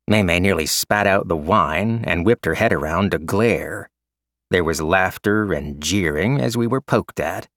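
A man narrating a story with casual, wry humor in a lowish voice. The recording is dry and close, with no room sound. His delivery is relaxed and conversational. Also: measured pace, dry recording. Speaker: audiobook narrator. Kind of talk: scripted narration.

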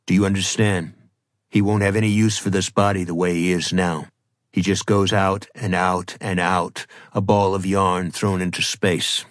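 A man's voice: lowish voice, steady tone, normal speed, dry recording, clean studio sound, pitched below the performer's own voice, close to an everyday voice. A man voicing a terse, agitated young man in an audiobook, speaking in short, urgent orders. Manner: clipped and urgent.

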